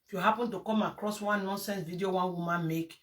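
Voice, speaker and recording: Nigerian woman ranting on her vlog, sharp bright voice, sounds far from the mic. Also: medium pitch, steady tone, fairly quick. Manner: scolding, heated, mixes Pidgin and Yoruba phrases. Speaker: vlogger. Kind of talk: ranting video monologue. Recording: distant from the mic.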